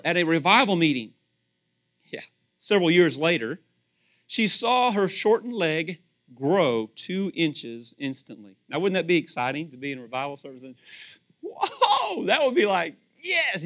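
Animated, high-voiced male preacher. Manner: animated, rhetorical questions, acts out quoted voices. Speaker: pastor. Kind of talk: sermon.

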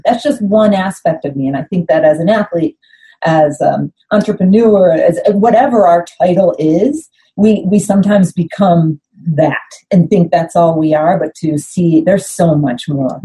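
A middle-aged American woman, a former Olympic skier, appears as a podcast guest and tells stories in a casual interview, animatedly acting out quoted dialogue. Her voice is fairly low at normal speed, and the audio is poor.

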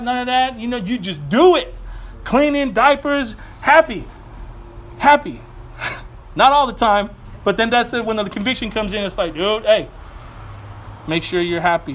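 A pastor delivering a sermon in a conversational, playful way, with asides and quick laughs. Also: male voice, extremely high pitch, a bit bright.

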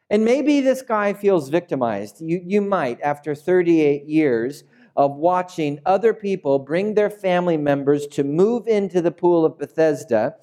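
A man's voice: a little high, lively intonation, measured pace, warm tone. A man preaching a sermon in a conversational way that builds to emphatic peaks. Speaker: pastor.

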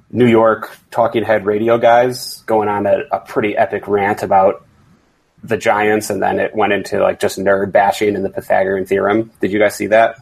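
A man hosting a casual fantasy football podcast chat as league commissioner, rambling with halting restarts. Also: lowish voice, gravelly, breathy edge, rough recording.

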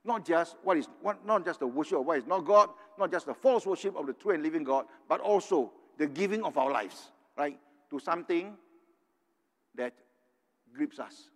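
A man's voice: fairly high pitch, expressive, normal speed, fairly bright tone. An older man from Singapore preaching a sermon, earnest and tagging his points with "right?". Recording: long hall reverb.

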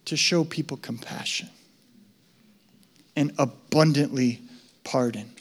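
A male pastor preaching a sermon in a conversational, emphatic way that rises to loud excitement. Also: mid-range voice, takes it slowly.

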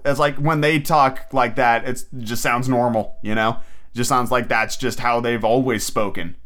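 A man's voice: medium pitch, fairly even intonation, moderate pace, a bit bright. A man hosting a solo podcast in a casual, rambling way, with lots of fillers and restarts. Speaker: podcast host.

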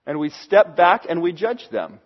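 A man's voice: sits high, very animated, measured pace, highs cut off. A man preaching a sermon in a conversational way, acting out the voices he quotes. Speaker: pastor.

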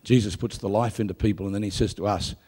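A man preaching a live sermon, telling stories with jokes and building to loud proclamations. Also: fairly low pitch, quick pace, husky. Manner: lively storytelling with jokes, rising to loud proclamation. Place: church or hall with a live audience.

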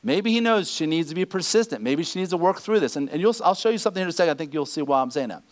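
A man preaching a sermon, animated, acting out the people he quotes. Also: a little high, racing. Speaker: pastor.

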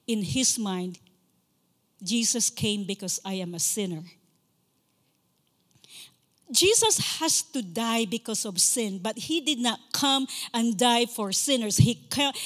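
A woman guest preacher delivers a passionate sermon in a slightly high voice. She hammers key phrases through repetition and stretches out the scripture lines. The sound carries a long, ringing reverb from a large church sanctuary. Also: animated, fairly bright tone. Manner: impassioned, repeats key phrases for emphasis; slows to stress scripture lines.

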